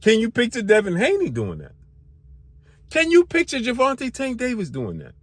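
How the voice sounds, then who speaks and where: A man's voice: very high voice, wildly swooping pitch, moderate pace, dry recording. A man hosting a sports channel, firing off rhetorical questions in a heated, slangy boxing commentary rant. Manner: slangy casual speech.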